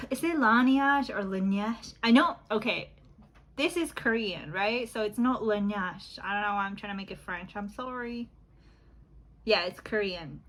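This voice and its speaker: While applying makeup at home, a thirtysomething beauty YouTuber chats loosely, laughing a lot as she goes. She has a mid-range, fairly bright voice, and the phone back-camera recording is low in quality.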